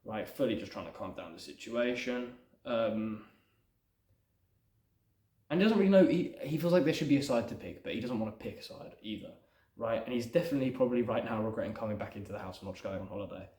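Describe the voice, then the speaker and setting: A man's voice: medium pitch, lively intonation, fast talker, warm tone, reverberant. Rambling man talking through his script. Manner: rambling, thinks aloud with many fillers. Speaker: aspiring screenwriter. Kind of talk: casual script breakdown.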